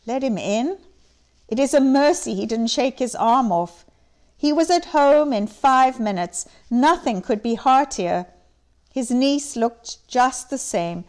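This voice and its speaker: A woman giving an expressive, measured dramatic reading of a classic story. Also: sits high. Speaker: reader.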